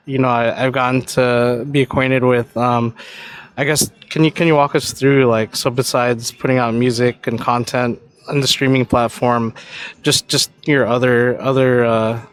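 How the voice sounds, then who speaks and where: Halting, friendly male host. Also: mid-range voice, steady tone, smooth. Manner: rambling, halting, cheesy jokes. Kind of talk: casual interview.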